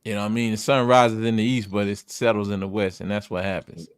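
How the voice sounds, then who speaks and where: Profane, animated sports radio man. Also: on the low side, fast, smooth, no room sound, studio quality. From North Carolina. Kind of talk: casual sports banter.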